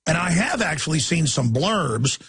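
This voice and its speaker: Gravelly ranting talk radio host. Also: male voice, on the high side, very animated, fairly bright tone, slight background noise. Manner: ranting, emphatic, rapid-fire asides.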